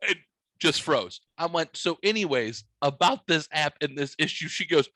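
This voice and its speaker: A man's voice: on the high side, lively intonation, normal speed, pushed and bright, no room sound, low-quality recording. A young man hosting a podcast, telling a story in a joking, profane, smart-aleck way. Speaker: podcast host. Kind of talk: casual storytelling.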